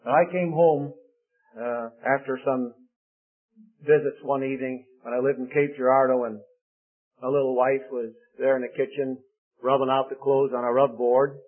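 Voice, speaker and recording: A man's voice: mid-range voice, unhurried, pauses often. An older man preaching a sermon, telling homely stories about his marriage in a folksy way and acting out the voices of the people he quotes. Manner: folksy storytelling, quotes others in lively voices. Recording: phone-like narrow sound.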